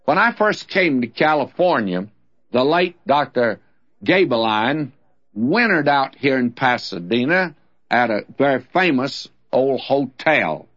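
A man with a medium-pitched, fairly bright voice teaches the Bible on the radio, keeping things folksy, plain and conversational. The recording is dull and lo-fi.

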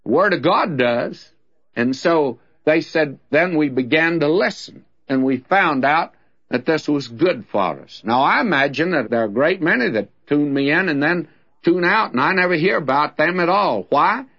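A man's voice: on the high side, animated, normal speed, a bit bright, husky. A man teaching the Bible on a radio program, talking in a folksy, plainspoken and conversational way. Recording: dull lo-fi radio recording.

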